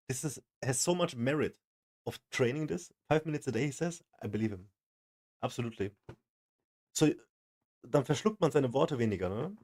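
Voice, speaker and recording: A man's voice: medium pitch, lively intonation, normal speed, long pauses, a little mellow. A man reacting on a live stream, enthusiastic and trying out exaggerated articulation.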